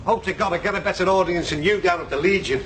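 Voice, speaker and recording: An actor playing a chatty middle-aged shopkeeper who fancies himself a comic, rambling through jokes with many fillers in a TV soap drama. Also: male voice, sits high, fast talker, a bit bright, slight background noise.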